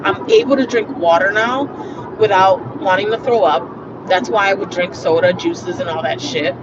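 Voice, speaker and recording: A woman talking casually and bluntly to her viewers while driving, swearing freely as she chats. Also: mid-range voice. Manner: blunt and profane, chatty. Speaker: vlogger. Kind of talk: casual car vlog monologue. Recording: muffled lo-fi audio with road noise. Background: traffic and road noise.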